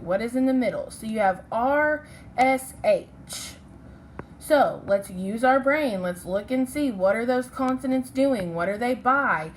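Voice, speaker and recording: A female teacher walks children through a phonics lesson in a fairly high voice. She speaks slowly and patiently, stopping to check that they follow. A faint hiss of noise sits under the recording. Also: low-quality recording. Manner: patient, checks in with "okay?" and "right?"; apologizes for slips and corrects herself.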